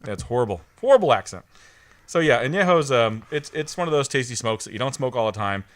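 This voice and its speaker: A man's voice: medium pitch, expressive, quick pace. A man co-hosting a casual podcast, talking in a laid-back, jokey way. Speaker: podcast co-host. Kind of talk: casual chat.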